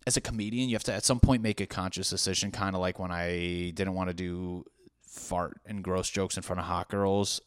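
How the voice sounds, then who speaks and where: A man's voice: deep voice, fairly even intonation, fairly quick, no room sound. A young man, a stand-up comedian, talking casually and profanely in rambling, self-deprecating asides.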